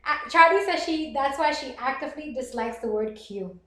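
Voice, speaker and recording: A woman streaming live, chatting casually with viewers and reading their comments aloud, animated and quick to laugh. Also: sits high. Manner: animated, laughs often, reads chat aloud. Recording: roomy echo.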